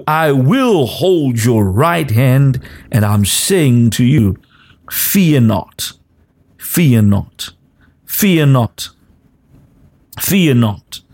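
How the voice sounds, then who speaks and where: Slow preacher guy, repeats the same lines over and over, kind of chanting them. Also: medium pitch, very animated, a little mellow. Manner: repetitive exhortation, rising into sung cadence; speaks in tongues between exhortations. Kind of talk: sermon.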